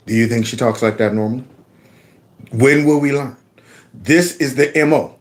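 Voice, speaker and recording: A channel host with a medium-pitched voice talks at a normal speed but pauses often. On his own channel he mocks political video clips, breaking into sudden squeals and laughter.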